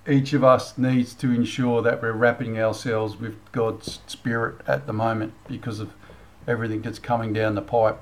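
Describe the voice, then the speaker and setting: A man's voice: medium pitch, a little mellow, low-quality recording. A middle-aged Australian man hosting a commentary channel, ranting bluntly with casual swearing, then leading a prayer. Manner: blunt, heated, swears freely. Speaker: channel host.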